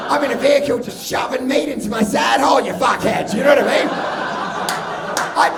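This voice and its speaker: Male stand-up, very high gravelly voice, brash and shouty; live club recording, distant, echoey room, very loud crowd. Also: a little fast. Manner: brash, shouty crude jokes. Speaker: stand-up comedian. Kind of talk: stand-up comedy set. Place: comedy club stage with live audience.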